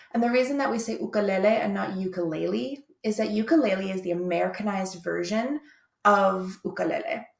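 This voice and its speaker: Woman, music teacher, video lesson, chatty, upbeat, gravelly, roomy echo. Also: medium pitch.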